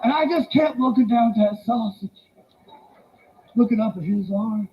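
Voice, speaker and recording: A male stand-up comedian telling animated stories and slipping into put-on voices. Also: high voice, normal speed, noisy background.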